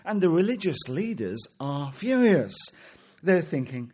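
A man preaches a sermon, his pitch rising and falling as he works through rhetorical questions and quoted scripture. His voice is slightly husky, and he talks at a measured, expository pace. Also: big pitch swings, darkish tone.

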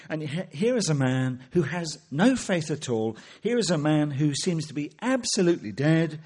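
A man's voice: on the high side, a little mellow, slightly rough. A man preaching an expository sermon, asking rhetorical questions and quoting scripture.

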